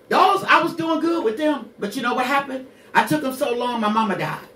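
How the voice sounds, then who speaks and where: A woman's voice: mid-range voice, reverberant, far from the mic. Blunt, profane woman in her sixties. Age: 60s. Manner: blunt, profane, preacherly, with rhetorical questions. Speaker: radio show host. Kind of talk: candid personal monologue.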